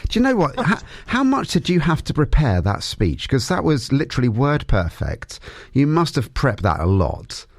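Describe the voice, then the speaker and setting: Lively radio presenter man. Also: mid-range voice, moderate pace, dry recording, clean studio sound. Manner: lively, enthusiastic, laughs easily. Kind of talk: chatty radio interview.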